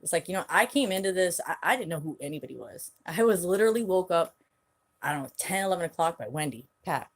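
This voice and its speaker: A woman with a somewhat low voice, ranting to her viewers on a live stream. She is plainly angry and talks bluntly, swearing freely as she vents. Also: lively intonation, fast talker. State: angry, agitated. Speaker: channel host.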